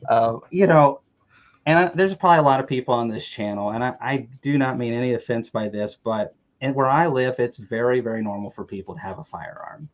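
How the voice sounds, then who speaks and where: A man's voice: mid-range voice, a little fast, lo-fi sound. A man from the American South telling rambling, joking stories in a casual chat, often restarting his words.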